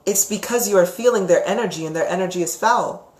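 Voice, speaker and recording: A woman teaching about psychic topics on a live stream, chatty and expressive, reading out viewer comments and often asking "right?". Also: medium pitch, fast talker. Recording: roomy echo.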